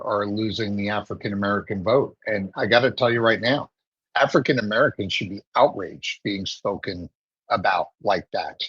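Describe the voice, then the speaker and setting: Husky male political commentator. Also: lowish voice, no echo, muffled recording. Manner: emphatic, steady and opinionated. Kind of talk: political talk show commentary.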